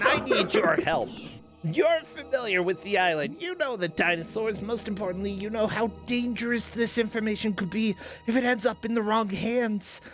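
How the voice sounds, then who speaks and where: A man's voice: sits high, fairly bright tone. A man voicing a genteel, fussy elderly park founder, reading a letter in a pompous old-fashioned way. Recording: game music playing behind.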